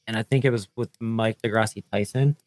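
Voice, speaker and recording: A man's voice: lowish voice, steady tone, fairly quick, darkish tone, no echo. A man co-hosting a casual podcast who speaks earnestly and often corrects himself mid-phrase as he looks for words. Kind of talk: casual livestream chat.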